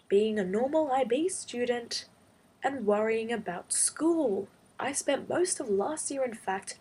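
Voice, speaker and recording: A young woman vlogging, telling a school drama story in an exasperated, animated casual rant. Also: a little high, husky. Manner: exasperated, animated retelling with quoted back-and-forth. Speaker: high school student.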